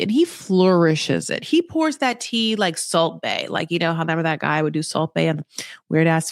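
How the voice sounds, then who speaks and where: Chatty, sarcastic recap host, dry close mic. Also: male voice, high voice, gravelly, no room sound. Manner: chatty and sarcastic, acting out the people he describes. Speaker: podcast host. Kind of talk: casual reality TV recap.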